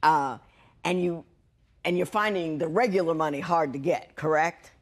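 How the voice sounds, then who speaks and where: A woman's voice: low-pitched, normal speed. A woman presiding as judge on a courtroom TV show, asking pointed questions and scolding bluntly.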